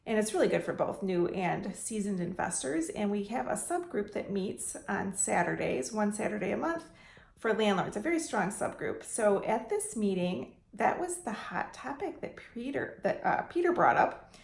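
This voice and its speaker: A woman from the Detroit area giving casual advice as a landlord vlogger, chatty and animated, acting out phone calls in quoted voices. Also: mid-range voice, moderate pace, vocal fry. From Detroit area, United States. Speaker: landlord and real estate investor vlogger. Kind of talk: casual talking-head advice vlog. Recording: echoey room.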